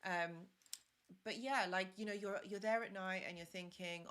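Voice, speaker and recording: A young woman talks through a live stream in a bright, clear voice. She gives earnest advice, circles back over her points and speaks casually to her viewers. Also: mid-range voice, steady tone, moderate pace. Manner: earnest, repetitive, reads comments aloud. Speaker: live stream host, relationship advisor.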